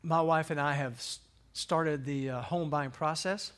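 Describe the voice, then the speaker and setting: A man in his thirties casually shares a personal faith story, conversational and rambling, with frequent fillers and restarts, chuckling at himself in a self-deprecating way. His voice is a little high and steady, clear and resonant with a fairly bright tone, at a measured pace.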